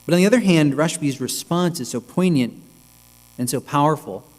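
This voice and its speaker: A male rabbi giving a reflective, measured sermon, with pauses, in a synagogue sanctuary. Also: a little high, expressive. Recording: long reverb with mains hum.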